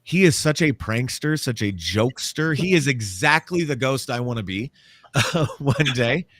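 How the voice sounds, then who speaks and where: Man, paranormal author, casual storytelling, animated pitch, acts out quotes, dry sound. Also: moderate pace, dry recording.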